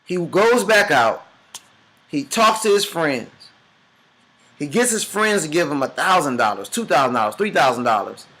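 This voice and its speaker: A man giving a motivational business talk, telling a story in an animated, dramatic way to a group. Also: fairly high pitch, normal speed. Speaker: business speaker.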